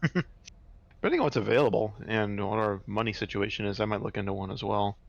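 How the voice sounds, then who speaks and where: A low, gravelly man in a tabletop game, calm and measured, on a dull, muffled voice chat line. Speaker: player. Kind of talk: tabletop role-play chat.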